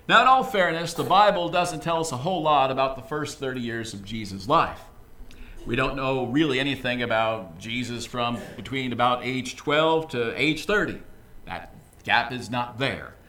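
A man preaching a sermon as pastor, in a lively, conversational way with casual asides. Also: medium pitch. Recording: echoey room, voice from a distance.

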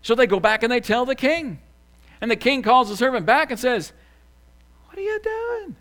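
A man preaching a sermon as a pastor, animated, swinging from loud excited bursts to quiet asides. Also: very high voice, fairly quick.

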